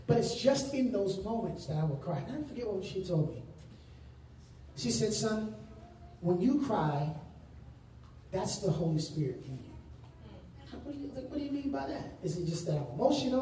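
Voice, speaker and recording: A male pastor delivers a sermon with a warm, mellow voice, pressing on key words and drawing out phrases slowly. The recording is distant and heavily echoey, with a faint hum of room noise. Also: high-pitched. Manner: emphatic preaching with slow drawn-out phrases. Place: large room with congregation.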